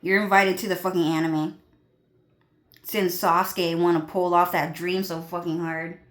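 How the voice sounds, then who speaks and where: A young woman with a fairly low voice rambles to her viewers in a loose, profane rant. She swears constantly and piles up fillers as she jumps from thought to thought. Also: little pitch movement, unhurried. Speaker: vlogger.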